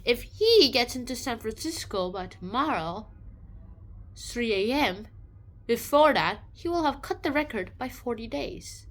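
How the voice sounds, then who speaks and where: A woman summarizing a book in a loose, rambling way, restarting her sentences as she goes. Her voice is a bit high and very lively in pitch. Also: a little slow. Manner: animated, rambling, with many restarts and playful voices. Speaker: book reviewer.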